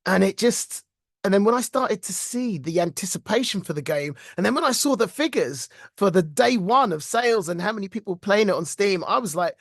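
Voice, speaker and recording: A middle-aged British man, a voice actor, telling stories in a casual interview with animated, self-deprecating warmth and frequent laughs. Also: high-pitched, a little fast, no room sound, studio quality. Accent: British English. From Britain. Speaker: voice actor guest.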